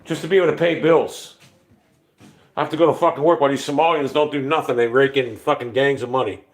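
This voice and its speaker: A man's voice: medium pitch, fairly even intonation, fast talker. A man in his fifties hosting a casual livestream, talking in a profane, rambling and irritated way. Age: 50s. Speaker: livestream host.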